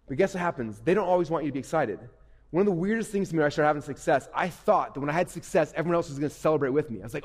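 A man giving an energetic, conversational motivational talk to young people from a stage. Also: a little high, very fast. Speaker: motivational speaker. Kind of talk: live motivational talk to youth. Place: stage at a live event. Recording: echoey hall.

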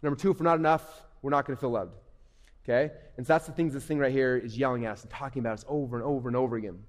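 A middle-aged man giving an animated stage talk to kids, asking the audience questions and acting out inner voices. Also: medium pitch, rapid-fire. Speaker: speaker at a youth event. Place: large hall on stage. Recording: long hall reverb.

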